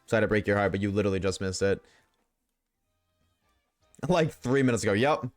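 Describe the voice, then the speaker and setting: His lowish voice moves briskly as he streams a game, trading profane jokes and replies with chat. Soft background music plays over a dry recording.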